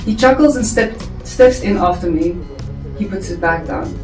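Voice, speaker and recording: A woman reading her own story draft aloud to a family member, chatty and quick to laugh. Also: medium pitch. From South Africa. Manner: lively, laughing, chatty asides. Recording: echoey room, far from mic, faint music.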